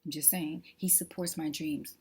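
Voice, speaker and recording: A woman's voice: sits low, steady tone, moderate pace, heavy background noise. A woman talking casually to her viewers in an emphatic, preachy way, often dropping to a whisper. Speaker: vlogger. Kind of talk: casual testimony chat.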